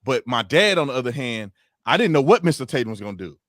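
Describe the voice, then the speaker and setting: A man hosting a casual livestream chat, relaxed and prone to quick restarts. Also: medium pitch, no room sound, clean studio sound. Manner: relaxed, stumbling restarts, easy laughter. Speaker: host.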